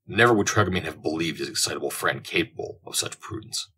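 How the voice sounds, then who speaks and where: A man reads a classic adventure novel aloud as an audiobook, measured and descriptive. His voice is very deep and has a husky grain. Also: pushed and bright. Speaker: audiobook narrator. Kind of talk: audiobook narration.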